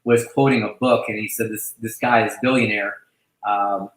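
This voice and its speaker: A man's voice: lowish voice, fairly even intonation, a bit bright. Effusive man in a roomy room. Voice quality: effusive, halting, full of restarts and fillers. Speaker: host welcoming a new agent. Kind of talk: casual online video chat.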